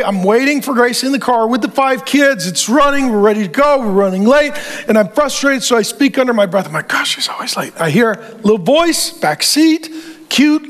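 Middle-aged pastor, very high voice, animated and comic sermon delivery. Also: male voice. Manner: animated, joking, acts out quotes. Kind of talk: humorous sermon.

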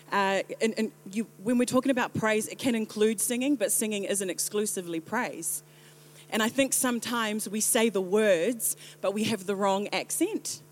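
A New Zealand woman in her thirties gives a sermon with a lively, joking delivery. Her voice sits at an ordinary middle pitch for a woman, and she slips playfully into quick impressions. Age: 30s. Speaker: pastor.

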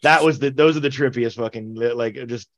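A podcast co-host chats casually, telling rambling stories packed with swearing and laughter. He has a mid-range voice and talks briskly, with no room sound.

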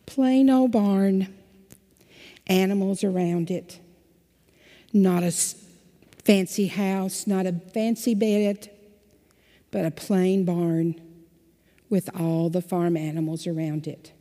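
A woman leads a children's sermon, reading a storybook and coaxing answers from the kids with lively questions. She takes her time over each line, her voice held at a middling pitch. The sound trails off into the long reverb of a church sanctuary. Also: takes it slowly, long pauses.

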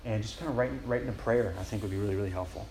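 A man speaking at a retreat, telling Bible stories in a casual, animated way with slangy asides. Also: on the low side, very fast, a crowd in the background. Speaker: campus ministry speaker. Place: retreat meeting room. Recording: echoey room with faint ambience.

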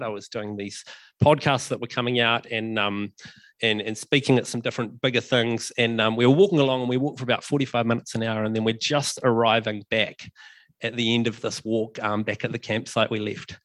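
A man delivers a sermon in a relaxed, conversational way. He fills pauses with ums and repeats key phrases for emphasis. His voice sits at a middle pitch, recorded dry and close. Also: dry recording. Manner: conversational, many ums and fillers, emphatic repetitions. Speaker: preacher.

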